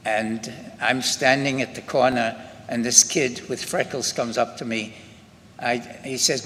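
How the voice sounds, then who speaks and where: An older Scottish man tells his story at a memorial ceremony in a slow, unhurried way, pausing and restarting often. His voice sounds bright and forward. It carries a long hall reverb over faint room noise. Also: mid-range voice, fairly even intonation. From Scotland. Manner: unhurried, halting, with frequent restarts. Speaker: Holocaust survivor speaker. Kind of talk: personal testimony at a memorial ceremony.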